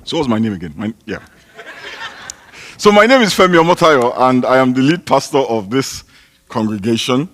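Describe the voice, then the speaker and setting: A pastor from Nigeria, out of breath, preaching a sermon in a church hall with a chatty, joking manner that rises to loud, emphatic declarations. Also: male voice, mid-range voice, expressive, moderate pace, pauses often. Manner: chatty, joking, breaks into laughter.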